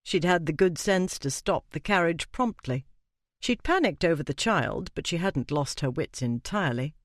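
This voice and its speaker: Male audiobook narrator, expressive, animated delivery in a dead-dry booth. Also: on the high side, moderate pace, no room sound. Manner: expressive storytelling with character voices.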